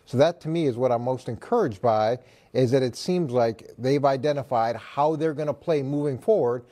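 A man on a sports talk show who analyzes football in a measured, explanatory way. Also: mid-range voice, mellow.

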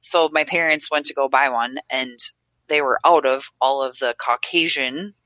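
A young woman in casual podcast chat, telling a story with quick acted quotes. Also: extremely low pitch, fairly bright tone, no room sound, rough recording.

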